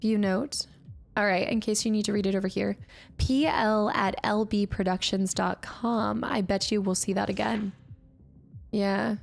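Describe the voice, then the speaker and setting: A woman's voice: mid-range voice, steady tone, measured pace, gravelly. A woman chatting casually as she streams a game and thanks viewers by name. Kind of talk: casual live gameplay commentary.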